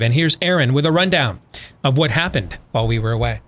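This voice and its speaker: A man's voice: medium pitch, expressive, fast, a bit bright. A man hosting a talk radio show, talking through a conversational monologue full of rhetorical questions, then reading an ad.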